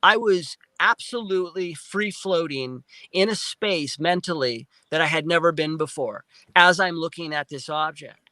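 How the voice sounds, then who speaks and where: Man, bright tense voice, dry close sound, excited storyteller, restarts sentences, acts out quotes. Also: on the high side, normal speed, no room sound, low-quality recording. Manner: excited retelling with frequent restarts and repeated words; acts out his own past speech in quotes. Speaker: guest, film producer. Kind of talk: animated storytelling in a live interview.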